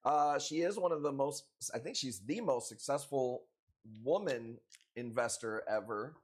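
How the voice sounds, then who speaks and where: A man running a live stream, talking to his viewers in an easygoing, off-the-cuff way. He jokes and curses freely, and his pitch sits at an ordinary middle height for a man. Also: animated, unhurried. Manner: loose, profane, joking banter with frequent laughs. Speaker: live stream host selling corals.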